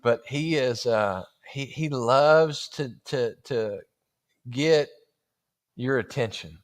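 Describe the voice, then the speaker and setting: A man, preaching through a folksy, animated story and acting out the dialogue. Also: medium pitch, takes it slowly. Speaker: guest preacher. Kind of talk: storytelling sermon.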